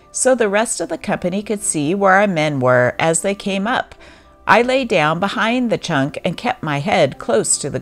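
A woman reading an old newspaper account aloud as scripted narration, in a steady read-aloud manner. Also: medium pitch. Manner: steady read-aloud of a first-person war memoir.

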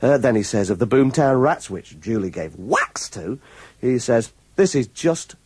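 A man's husky, darkish voice at medium pitch reads reviews aloud on a radio show from the studio. He speaks a little slowly but expressively, keeping the radio chat gleeful and mocking, with plenty of chuckles.

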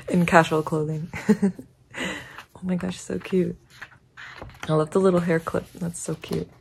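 A young woman giggling and gushing excitedly as she unboxes and comments on a photobook. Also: on the low side, creaky, slight background noise. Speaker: unboxing vlogger.

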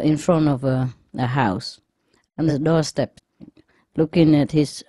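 A woman's voice: low-pitched, fairly even intonation, unhurried, dark tone, soft background music. Chatty woman telling jokes with laughter. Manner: chatty, laughs often between lines. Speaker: spiritual teacher. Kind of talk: casual joke-telling lecture.

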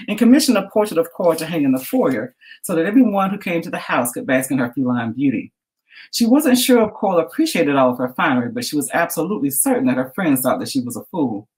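A woman's voice: extremely low pitch, darkish tone, poor audio. A woman author chatting animatedly and reading aloud from her own story. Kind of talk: casual chat and reading from her book.

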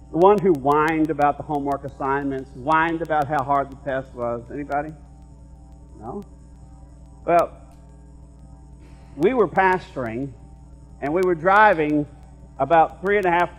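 A middle-aged male pastor delivering a sermon in a slightly high voice, with faint music underneath. He talks to the congregation like a conversation, dropping to quiet asides and then building to loud, emphatic repeated phrases. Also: poor audio. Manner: conversational preaching that swings from hushed asides to raised emphatic repetition.

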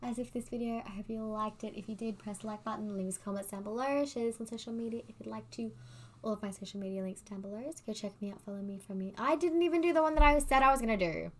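A young woman, chatting casually as she reads quiz questions aloud, gushing and excitable, sometimes humming bits of songs. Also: on the high side, fast, slight background noise. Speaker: vlogger doing online quizzes.

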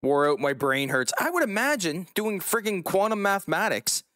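A man's voice: sits high, animated, moderate pace, pushed and bright, dry recording, studio quality. A man streaming a game live, chatting casually with his viewers, joking and swearing now and then. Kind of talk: casual live-stream chat while gaming.

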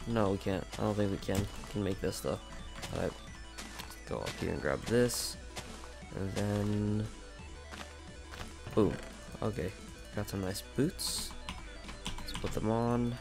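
A man with a fairly low voice and vocal fry sounds groggy, like he just woke up in the morning. Hosting a gaming channel, he commentates his own gameplay in a casual, rambling, chatty way, leaning on lots of fillers.

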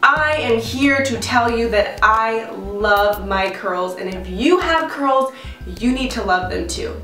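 A woman in her twenties, a vlogger, talking casually to camera in a bubbly, expressive way. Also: slow, faint music behind. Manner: bubbly and expressive, swinging pitch.

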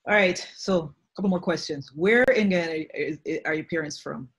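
Soft-spoken, breathy interviewer. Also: medium pitch, normal speed. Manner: hesitant questions with fillers. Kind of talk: casual interview.

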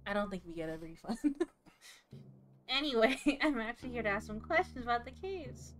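Playful woman streamer, higher voice. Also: expressive, normal speed. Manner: laughs often, dry and playful. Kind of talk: playing a detective game, reading dialogue with a co-player.

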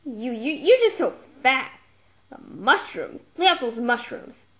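A woman's voice: a little high, sing-song, unhurried, fairly bright tone. A woman voicing a bossy, chain-smoking girlfriend who mocks and teases. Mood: sassy. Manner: mocking, bossy teasing.

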